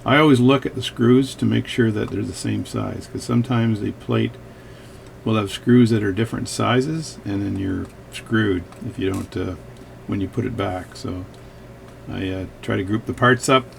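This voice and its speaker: A man's voice: on the low side, fairly even intonation, normal speed, creaky, slight background noise. A man hosting a watch repair video, chatting casually with rambling, joking asides at his workbench.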